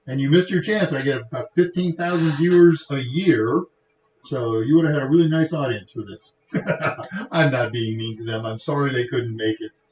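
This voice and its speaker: A man's voice: a little high, darkish tone. A middle-aged man with a Texan accent, hosting a tech show in a casual, rambling way full of joking asides. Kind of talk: casual livestream chat. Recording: echoey room.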